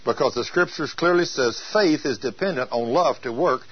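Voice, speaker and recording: A male preacher giving an emphatic sermon, drawing out scripture quotes slowly for weight. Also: mid-range voice, husky, dull audio.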